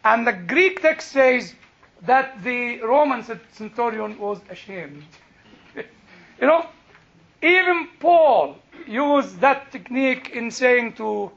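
A man's voice: extremely high pitch, animated, slow pace, vocal fry, fairly bright tone. An older man with an Egyptian accent, teaching a Bible class in a chatty storytelling way with frequent laughs and restarts. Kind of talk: sermon with storytelling. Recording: dull lo-fi recording.

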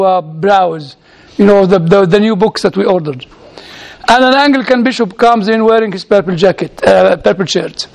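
A man's voice: sits high, gravelly. A man who is a lecturer and chaplain tells humorous anecdotes in a chatty way. He acts out the dialogue he quotes. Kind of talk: anecdotal storytelling talk.

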